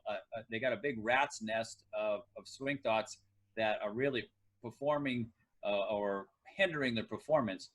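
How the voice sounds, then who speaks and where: A man's voice: mid-range voice, fairly bright tone, low-quality recording. Middle-aged man, reflective storytelling guest. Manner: reflective, tells sports anecdotes at length. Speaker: former pro kicker and kicking coach, guest. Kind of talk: casual podcast interview.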